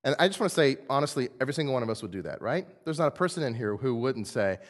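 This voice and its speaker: Animated preacher man in an echoey church. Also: medium pitch, rapid-fire. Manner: animated, playful, acts out quotes in voices. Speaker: pastor. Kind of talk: sermon. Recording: long hall reverb.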